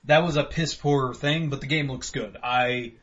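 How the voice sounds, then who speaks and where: A man hosting a casual gaming podcast, animated and blunt, swearing freely and acting out his own reactions. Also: medium pitch, normal speed. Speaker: podcast host. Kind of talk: casual chat. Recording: slightly dull lo-fi sound.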